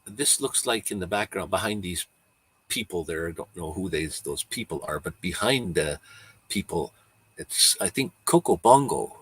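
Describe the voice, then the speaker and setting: A man's voice: deep voice, animated, normal speed, fairly bright tone, slightly rough. A man hosting a casual livestream, rambling easygoing chat while showing photos, chuckling now and then. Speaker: livestream host.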